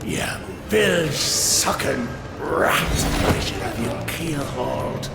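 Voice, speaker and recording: A gravelly, vengeful pirate captain snarls his threats in a slow, swooping, theatrical drawl. This is game audio in a roomy space, with loud music behind him. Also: medium pitch, lively intonation, heavily acted. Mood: menacing.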